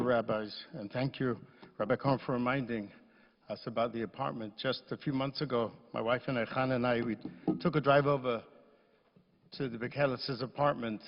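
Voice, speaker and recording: Guy giving a soft fond eulogy, dull muffled audio with long hall echo. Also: mid-range voice. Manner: gentle, reminiscing, warm toward the widow. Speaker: eulogy speaker at a funeral. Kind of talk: funeral eulogy. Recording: echoey hall, dull lo-fi sound.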